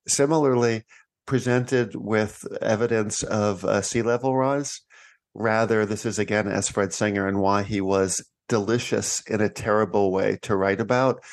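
A man with a low voice and a gravelly edge speaks as an author being interviewed. He tells his stories wryly and breaks into laughter as he goes. His voice has a noticeable rough fry. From United States. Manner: wry, laughs while telling stories. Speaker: author and guest. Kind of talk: conversational interview.

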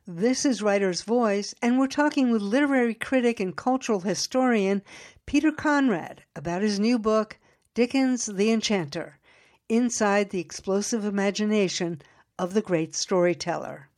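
Woman radio host, measured. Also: medium pitch, a little mellow. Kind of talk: radio interview.

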